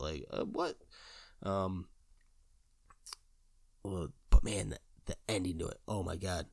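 A man chatting casually and rambling with excitement, full of fillers, repeats and casual swearing. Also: low-pitched, takes it slowly, gravelly, pauses often, no room sound, studio quality. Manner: gushing with enthusiasm. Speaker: vlogger. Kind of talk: casual chat.

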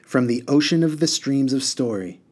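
A man's voice: mid-range voice, animated, normal speed, a little mellow, breathy edge. A man voicing a small, cross, blue-bearded male water genie who rattles off strings of stock phrases. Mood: pompous.

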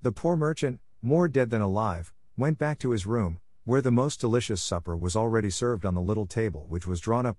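A man narrating a classic fairy tale in a calm, even-paced audiobook reading. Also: fairly low pitch, no echo, studio quality. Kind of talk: scripted storybook narration.

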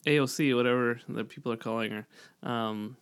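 A man from Canada co-hosting a podcast, chatting about politics in a halting way, often pausing to search for words. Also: medium pitch, steady tone, clear, resonant tone. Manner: halting, full of fillers and restarts. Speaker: podcast co-host. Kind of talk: casual political chat.

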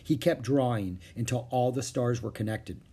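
A man reading a children's chapter book aloud, with expressive narration. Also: medium pitch, normal speed, breathy edge. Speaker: storyteller.

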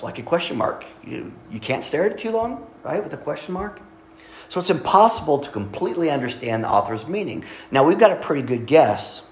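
In a church sanctuary, a male pastor delivers a conversational sermon, questioning his congregation and pausing over his words. His voice is mid-range, and the recording is rough with a roomy sound.

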